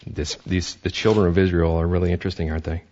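A man preaching a sermon as pastor, animated, acting out voices and often restarting his sentences. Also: deep voice, fast talker, muffled recording, slight background noise.

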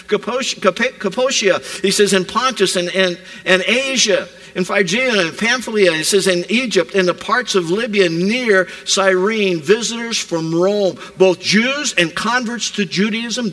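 A man preaching a sermon, retelling scripture as a vivid modern scene, rising loud and dropping to a hush. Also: high voice, poor audio. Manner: animated storytelling preacher, swings from loud to hushed. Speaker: pastor.

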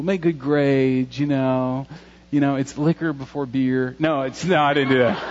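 A man's voice: mid-range voice, dull audio, a little hiss or hum. A pastor in his forties giving an earnest, conversational sermon with a few jokes. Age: 40s.

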